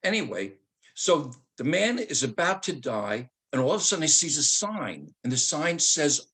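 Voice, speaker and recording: A man's voice: fairly high pitch, sing-song, normal speed, fairly bright tone, slightly rough. An older man giving a talk over a video call, teacherly and joking, asking rhetorical questions. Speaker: speaker and author. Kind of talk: storytelling talk.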